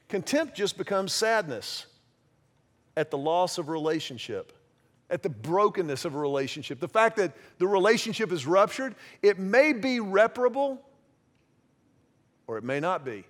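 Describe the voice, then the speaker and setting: A man's voice: high-pitched, very animated, a little slow. A man preaching a sermon in a conversational, self-deprecating way, acting out little quoted exchanges. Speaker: pastor.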